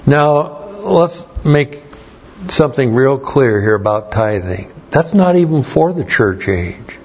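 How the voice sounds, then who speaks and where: A man's voice: medium pitch, big pitch swings, slow pace, darkish tone, husky, lo-fi sound. A man preaching a sermon in a plain, conversational way, telling stories from his life in between teaching points. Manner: conversational, plain-spoken storytelling. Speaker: pastor. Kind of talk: sermon with anecdotes.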